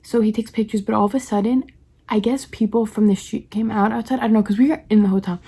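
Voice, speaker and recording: A young woman from the New York area races through a personal story on her vlog, packing every sentence with "like" and acting out each line she quotes. Her voice sits a little high but has a mellow, dark color. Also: fairly even intonation, slightly rough. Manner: rapid, chatty, heavy use of "like", acts out quoted lines. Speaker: vlogger.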